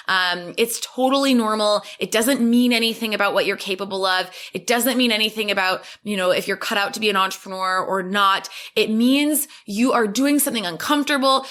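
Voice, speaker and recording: A woman's voice: mid-range voice, pushed and bright. A woman hosting a solo business podcast, giving an upbeat, encouraging talk and acting out her clients' anxious inner voices. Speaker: podcast host and business coach.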